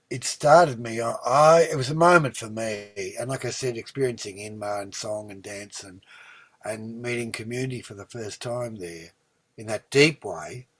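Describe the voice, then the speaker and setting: Give me an older Australian man in an interview, telling stories warmly with frequent restarts. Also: medium pitch. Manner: warm rambling storyteller, many ums and restarts, lively when recounting. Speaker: interview guest, singer-songwriter. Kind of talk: relaxed storytelling conversation.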